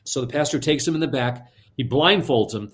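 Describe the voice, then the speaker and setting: A man telling a story on an interview show, lively, often repeating words as he goes. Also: medium pitch, a little fast. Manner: lively, repeats words, switches into character voices. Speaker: guest storyteller. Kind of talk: animated spoken storytelling.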